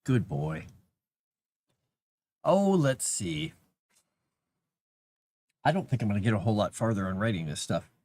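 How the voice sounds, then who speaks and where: A man's voice: on the low side, sing-song, measured pace, long pauses, darkish tone, no echo. A man rambling casually on a livestream, chatting to his cat between thoughts.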